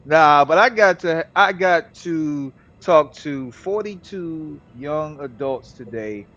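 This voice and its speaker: A man's voice: a little high, lively intonation, takes it slowly, a bit bright, muffled recording. A man co-hosting a podcast, teasing the others in casual, playful chat. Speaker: podcast co-host.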